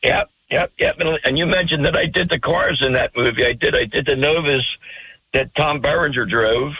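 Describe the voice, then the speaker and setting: An older man calling in to a radio show, chatting casually, rambling and stammering with a gravelly voice. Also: fairly high pitch, normal speed, a little hiss or hum. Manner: rambling, stammers and repeats words. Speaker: phone-in guest. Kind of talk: casual talk radio chat. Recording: dry tinny phone line.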